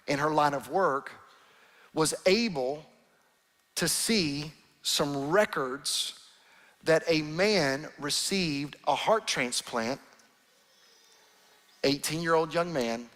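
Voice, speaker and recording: A man's voice: on the high side, slow pace, pauses often. A pastor, a man, telling a story in an earnest, emphatic sermon in a church sanctuary. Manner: earnest, emphatic, softening to near-whispers at tender moments. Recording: long hall reverb with soft music behind.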